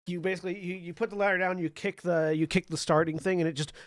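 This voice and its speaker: A man with a somewhat high voice runs a tabletop role-playing game as game master. He is chatty and breaks into laughs between descriptions. The sound is dry and close. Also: fairly even intonation, quick pace, no echo.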